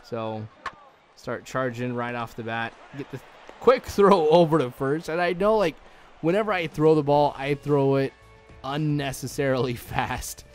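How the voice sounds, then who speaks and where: A man's voice: mid-range voice, a little slow, faint music behind. A young man giving rambling, chatty let's-play commentary, full of likes and ums, chuckling now and then. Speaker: gaming channel host.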